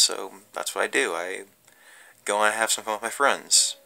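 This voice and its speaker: A man's voice: on the low side, normal speed, creaky, bright, forceful tone, rough recording. A man casually narrating a creepy gaming story, rambling and cursing with lots of fillers. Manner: rambling, profane, full of fillers.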